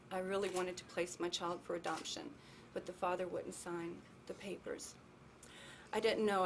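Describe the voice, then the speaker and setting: A woman giving emotional personal testimony at a public event, speaking earnestly and slowing down as she reads. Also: mid-range voice, slight background noise. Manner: earnest, emotional, slow when reading.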